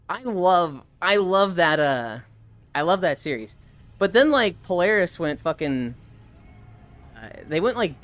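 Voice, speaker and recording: A woman's voice: low-pitched, dry recording. A woman streaming live, chatting casually while she walks, telling rambling stories full of swearing and fillers. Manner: rambling storyteller, swears freely, trails off with fillers; talking while walking.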